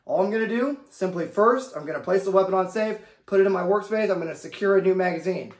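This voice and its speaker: A man with a high voice gives a firearms lesson, calling out each step in a drill-like rhythm and tagging "okay?" after the steps. The sound rings with a lot of echo around him. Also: fast talker. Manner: drill-like, repeats "okay?" and key phrases. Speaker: firearms instructor. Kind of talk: instructional demonstration.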